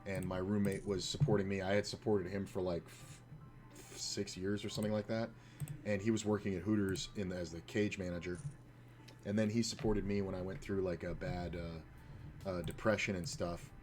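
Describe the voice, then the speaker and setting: A poker player and ex-dealer chats his way through an online poker session, telling rambling stories full of swearing and fillers. His voice is low-pitched and darkish with fairly even intonation and a normal speed, and faint music plays behind him.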